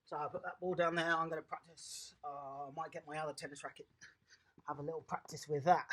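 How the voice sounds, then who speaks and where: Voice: mid-range voice, fast talker, a little hiss or hum. Upbeat kids' tennis coach. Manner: lively, encouraging, praising the children. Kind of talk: home tennis lesson for young children.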